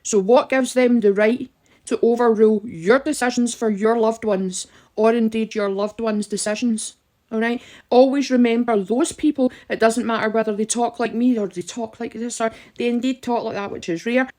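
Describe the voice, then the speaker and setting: A woman's voice: on the high side, darkish tone. A woman giving emphatic, direct advice to listeners in an impassioned talk. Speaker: campaigner.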